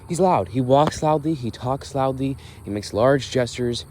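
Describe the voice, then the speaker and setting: A man's voice: medium pitch, measured pace, darkish tone, a little hiss or hum. A young man ranting in exasperation during a walk-and-talk vlog, recorded outdoors at dusk. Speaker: vlogger.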